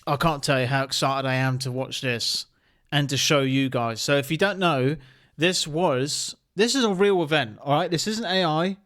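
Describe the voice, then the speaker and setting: A man hosting a reaction video, talking excitedly with rhetorical questions and stumbling restarts. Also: a little high, moderate pace. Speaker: host reacting to viral clips.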